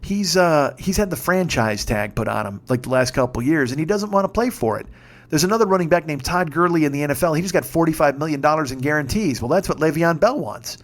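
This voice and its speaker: A man in his fifties, on the higher side for a male voice, spins a rambling story in loose, conversational monologue. He swears freely and gets worked up easily, his voice climbing whenever he gets excited. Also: fast talker. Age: 50s. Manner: profane, excitable, shouts when reliving moments. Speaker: podcast host.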